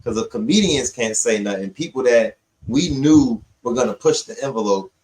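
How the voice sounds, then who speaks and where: A man, co-hosting a casual podcast chat, emphatic and animated with joking asides. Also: medium pitch, moderate pace, poor audio.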